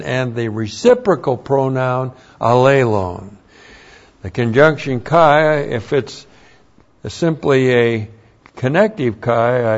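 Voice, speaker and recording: Man, pastor, slow deliberate Bible teaching, spells words out, dull lo-fi recording. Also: mid-range voice.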